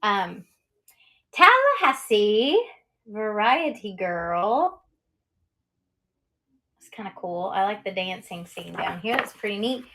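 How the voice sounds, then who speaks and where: A woman's voice: medium pitch, big pitch swings, slow pace, pauses often, bright, forceful tone. A woman running a casual live-selling stream as an online auction seller, chatty and cheerful, with lots of ums and laughs.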